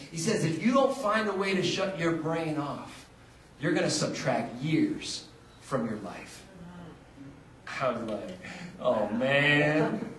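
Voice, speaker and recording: A man preaching a sermon as pastor, telling a story with lively, animated delivery and acted-out dialogue. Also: a little high. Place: church sanctuary. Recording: roomy, distant church recording.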